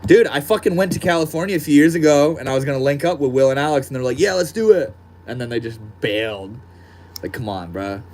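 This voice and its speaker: A man's voice: mid-range voice, fast talker, a little mellow, slight background noise. A man live streaming from his desk at home, chatting casually and reading out viewer comments in a laid-back, slangy way. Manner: laid-back and slangy, calls people bro and dude.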